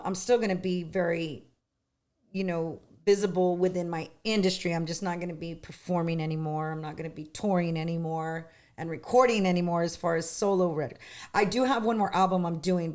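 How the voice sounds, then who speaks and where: Woman, middle-aged, interview guest, chatty, animated storytelling, casual talk. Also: lowish voice.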